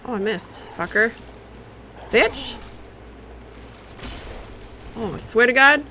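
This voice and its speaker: A woman streams a video game and reacts with curses and quick asides to her chat. Her voice sits a little high and bright, and she speaks slowly. A faint hiss runs under the mic. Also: lively intonation, low-quality recording. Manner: profane, reactive, talks to chat. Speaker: livestreamer playing a video game. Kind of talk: casual live gameplay commentary.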